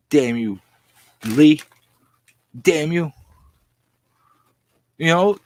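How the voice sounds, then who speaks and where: A husky-voiced man rants on his comic book stream with jokey mock outrage. His pitch swings all over the place, and the sound is dry and close. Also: very animated, a little slow, long pauses, dry recording. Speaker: comic book channel host. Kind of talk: ranting live-stream chat.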